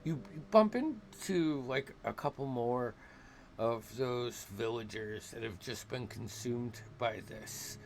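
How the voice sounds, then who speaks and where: A man narrating a tabletop game as dungeon master, unhurried and halting, with many restarts. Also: medium pitch, gravelly, slight background noise.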